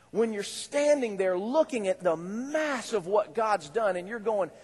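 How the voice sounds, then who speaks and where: A male pastor preaching a sermon in a conversational, animated way, with rising exclamations. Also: high voice, a little slow, few pauses, husky. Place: church hall. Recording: echoey church hall.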